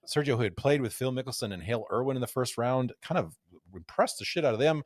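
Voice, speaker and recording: A man's voice: fairly low pitch, lively intonation, quick pace, no room sound, clean studio sound. A man hosting a casual podcast. He tells stories in a wry, jokey way and reads quotes aloud. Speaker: podcast host.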